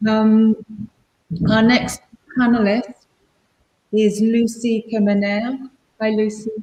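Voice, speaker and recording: A woman's voice: on the high side, level tone, slow, mellow, echoey room. A woman moderating an online panel discussion, introducing guests in a friendly way. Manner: friendly, apologetic about her French pronunciation.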